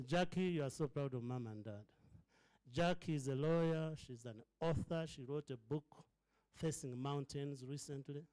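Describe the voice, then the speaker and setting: A man's voice: on the high side, a little mellow, smooth, low-quality recording. A middle-aged man, giving an impassioned fundraising speech as the founder of a charity, speaking like a preacher at a hotel breakfast event. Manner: preacher-like, building to fervent emphasis and repetition.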